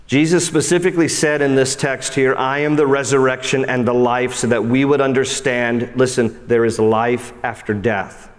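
A man preaching a sermon as pastor, animated and conversational, swinging between emphatic high lines and soft low ones, with frequent casual asides. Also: moderate pace, hardly any pauses, long reverb tail. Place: church sanctuary.

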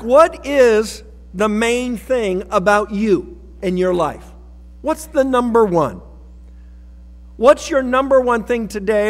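A man preaching with a fairly high voice and an unhurried, drawn-out delivery. He talks to his congregation in a folksy, conversational way with touches of humor. His voice rings with the long reverb of a church sanctuary. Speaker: pastor. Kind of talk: sermon.

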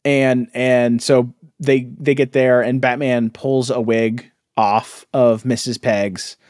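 A man co-hosting a podcast, chatting casually and laughing often. He sounds mocking and incredulous. His voice is mid-pitched and dry, recorded close on a podcast mic. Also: flat delivery, slow pace, darkish tone, dry recording. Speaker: podcast co-host. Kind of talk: casual comic chat.

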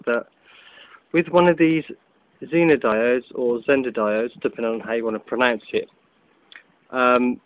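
A man's voice: mid-range voice, no room sound. Guy rambling thru a diy demo outside, lots of ums, thin phone-like sound. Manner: chatty, loose, with many ums and self-corrections. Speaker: hobbyist video maker. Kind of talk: casual demonstration vlog. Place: outdoors in afternoon sun. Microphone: phone camera. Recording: tinny phone-like audio.

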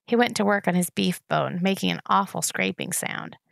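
A woman reading a novel aloud in a steady storytelling manner. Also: medium pitch, normal speed, creaky, no room sound. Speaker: audiobook reader.

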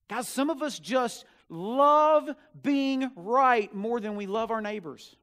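High-voiced young male preacher, earnest and pleading. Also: takes it slowly, hardly any pauses. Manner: earnest, pleading, swings between loud emphasis and hushed asides. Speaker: student minister. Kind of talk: sermon. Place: church sanctuary.

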